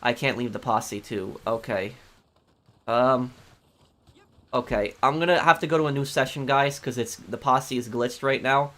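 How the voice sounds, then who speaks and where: A man's voice: medium pitch, measured pace, a bit bright. A man streaming a game and chatting casually with viewers, often hesitating and restarting sentences. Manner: hesitant, many ums and restarts, answering chat. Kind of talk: casual live-stream chat.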